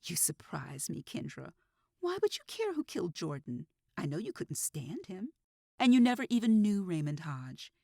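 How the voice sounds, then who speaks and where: A woman voicing a calm, menacing female killer who talks with a husky voice and breaks into bitter, wide-ranging outbursts in a storybook reading. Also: fairly low pitch, normal speed, no echo, clean studio sound, exaggerated voice. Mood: eerily calm.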